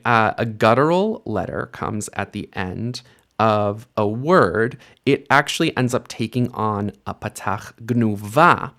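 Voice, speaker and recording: Guy teaching hebrew vowels real slow, says each word twice, mid-pitched voice, patient. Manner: patient, repeats each word slowly for the learner. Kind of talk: slow, careful language lesson.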